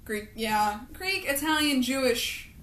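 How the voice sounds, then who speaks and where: A woman's voice: high voice, expressive, takes it slowly, fairly bright tone. A young woman co-hosting a podcast in casual chat, playful and crude, slipping into silly voices. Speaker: podcast co-host. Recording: echoey room.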